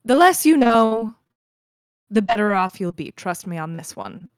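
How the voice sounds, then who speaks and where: A woman's voice: medium pitch, sing-song, clear, resonant tone, no echo. A woman playing a patronizing school boss. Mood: condescending. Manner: condescending, measured.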